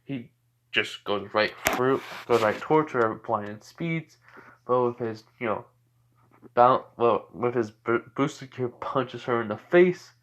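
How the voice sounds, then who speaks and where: A man's voice: mid-range voice, slow pace, a bit bright, slight background noise. Casual rambling man telling a story. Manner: rambling, many fillers and restarts. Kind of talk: casual fan-fiction narration.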